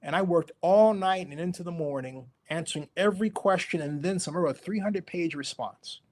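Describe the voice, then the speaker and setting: High-voiced middle-aged storytelling man. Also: brisk. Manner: animated storyteller, acting out quoted voices. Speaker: guest. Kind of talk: storytelling interview.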